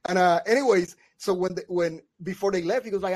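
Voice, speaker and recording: With a high voice and a fairly quick delivery, a podcast co-host launches into a wild story in casual conversation. He's animated, takes on each quoted voice, and laughs often.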